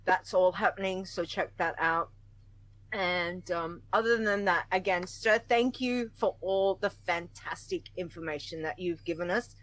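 A woman's voice: on the low side, a little slow, a bit bright, dry recording, rough recording. A woman co-hosting a gaming podcast in casual chat, giggling often and thanking listeners. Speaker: podcast co-host.

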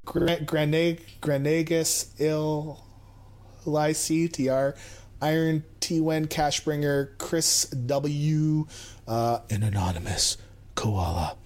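A man's voice: a little high, drawn-out words, darkish tone. A man hosting a podcast in casual chat, rambling and self-deprecating as he thanks supporters. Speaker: podcast host.

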